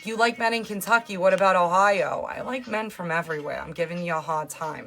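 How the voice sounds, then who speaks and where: A woman's voice: lowish voice, fairly quick, few pauses. Sarcastic New woman livestreaming. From New York. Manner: sarcastic, teasing, loud and lively. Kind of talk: casual live-stream chat, reading comments.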